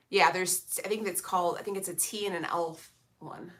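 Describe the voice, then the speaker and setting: A woman's voice: fairly low pitch, fairly even intonation, normal speed, fairly bright tone. A young woman chatting casually with her live-stream viewers, sassy and blunt, full of slang and swearing. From Illinois, USA. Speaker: vlogger reading live chat.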